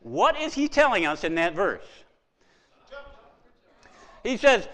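A middle-aged man preaching a sermon as pastor, animated, swinging from soft asides to loud exclamations. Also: sits high, slow, pauses often, long reverb tail.

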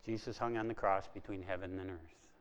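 Male preacher, sermon delivery, soft quotes and rising emphasis, reverberant hall sound. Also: deep voice, fairly even intonation, brisk, lo-fi sound. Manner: swings between hushed quoting and rising emphatic preaching.

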